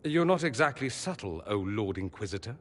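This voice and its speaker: An actor playing a proud, sarcastic male mage confronting the father he is estranged from, with a husky voice and a cutting manner. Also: fairly low pitch, sing-song, fairly quick, big-room sound. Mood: bitter. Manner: sarcastic, cutting, rising to anger. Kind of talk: game character dialogue.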